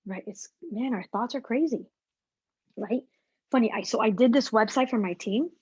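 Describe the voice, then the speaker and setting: A woman guest speaker giving a casual, energetic motivational talk to a team over a video call, with plenty of slang. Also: fairly high pitch, moderate pace, husky, no echo, muffled recording.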